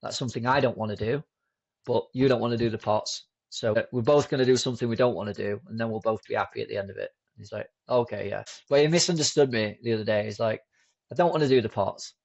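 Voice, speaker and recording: A man as a podcast guest, chatting in a relaxed, rambling way with many fillers and restarts. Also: medium pitch, fast talker, creaky, muffled recording. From United Kingdom. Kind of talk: casual conversational storytelling.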